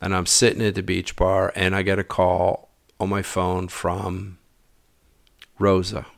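Deep-voiced and creaky, a man speaks a little slowly as he casually relates a personal story. He animates it by acting out dialogue, now and then lowering to a mutter, with studio-quality sound and no room noise.

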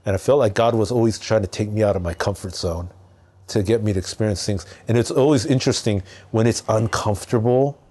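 A podcast guest from Southern California speaks briskly in a lowish voice. He shares a personal story casually and with energy, leaning heavily on fillers.

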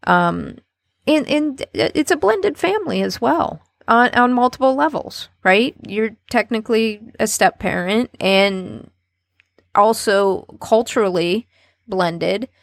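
A woman's voice: on the high side, lively intonation, gravelly, no room sound, studio quality. A woman hosting a podcast interview, reflective and affirming as she frames her guest's story. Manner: slow, reflective, warm affirmations. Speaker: podcast host.

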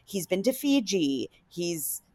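Woman co-host, lively pitch swings, excitable storyteller. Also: slow. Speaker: podcast co-host. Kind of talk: casual chat.

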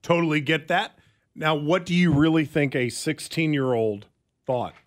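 A man hosting a radio talk show in a studio, cracking wry, deadpan jokes and taking calls. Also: a little high, normal speed. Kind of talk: casual talk radio chat.

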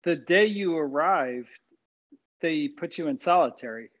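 A man interviewing a guest in a conversational chat, asking questions in a halting way with many restarts. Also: a little high, lively intonation, a bit bright, muffled recording.

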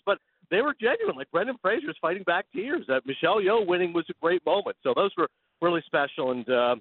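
A Canadian man on a sports radio show, telling animated stories in quick casual chat over a phone line. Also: high-pitched, breathy edge. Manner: animated, fast storytelling with laughs.

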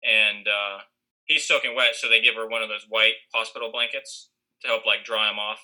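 A man's voice: on the low side, level tone, normal speed, sharp tone, low-quality recording. A young man casually telling a rambling story, full of fillers and restarts, acting out what others said. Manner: rambling, many fillers and restarts, acts out quoted lines.

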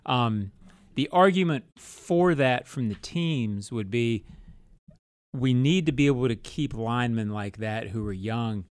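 A man co-hosting a sports talk show, breaking down roster questions in a measured, analytical way. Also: mid-range voice, animated, no echo, clean studio sound. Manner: measured, analytical, thinks aloud with fillers. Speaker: sports radio co-host.

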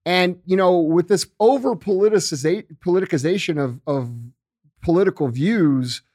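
Middle-aged guy on a podcast, kinda high voice, swears a lot, says bro and dude, super dry mic. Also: normal speed, darkish tone, no room sound. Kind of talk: casual political chat.

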